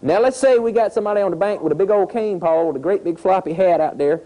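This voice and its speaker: An environmental educator with a drawl leads schoolchildren through an outdoor lesson at a nature center. His voice is warm and mellow yet high-pitched and quick. He tells the lesson as a lively story with sound effects and questions for the kids, though the audio is poor.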